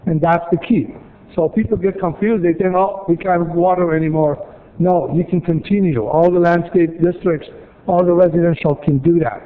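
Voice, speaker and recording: A man's voice: fairly high pitch, moderate pace. A man from city staff presenting at a council meeting, explaining rules step by step with repeated points and dry asides. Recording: tinny, phone-like archive audio.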